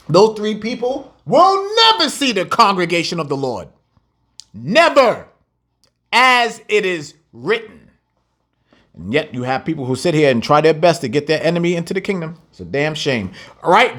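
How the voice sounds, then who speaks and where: Male bible teacher, slightly high and very animated voice, emphatic and repetitive, with deliberate scripture reading. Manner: emphatic, repeats key words, swings from quiet to loud; reads scripture slowly and deliberately. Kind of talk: preaching bible lesson.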